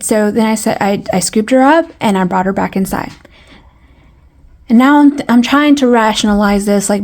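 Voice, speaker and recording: A woman with a twang chats casually to her viewers. Her voice sits in a middle pitch. She rambles, restarts and repeats phrases, and she sounds exasperated. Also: darkish tone. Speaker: vlogger. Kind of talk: casual storytelling to camera.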